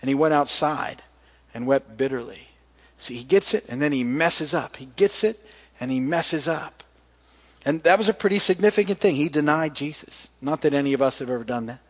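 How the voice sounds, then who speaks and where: A man preaching a casual sermon, retelling scripture as a story and reading passages aloud, often dropping softer for quoted lines. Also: a little high, normal speed. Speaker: pastor.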